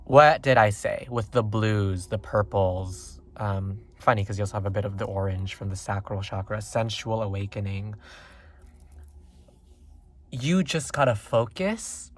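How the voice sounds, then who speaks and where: A man giving a casual pick-a-card tarot reading, talking in a rambling, excitable way with lots of fillers and sudden leaps up in pitch. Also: unhurried, hardly any pauses. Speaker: tarot reader.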